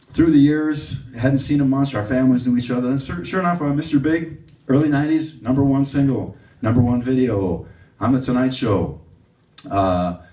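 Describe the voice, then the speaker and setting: A man giving a music clinic to a live audience, an animated storyteller who acts out the people he quotes. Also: mid-range voice. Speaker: bass clinician. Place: room with an audience. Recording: roomy audio from a distant mic.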